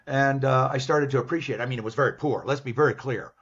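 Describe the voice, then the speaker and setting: An older man with a Canadian accent, a business professor guest in an interview, telling stories in a lively, animated way. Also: medium pitch, quick pace, husky. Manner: lively, animated, acts out his own past lines. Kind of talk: storytelling in an interview. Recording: dull, lo-fi sound.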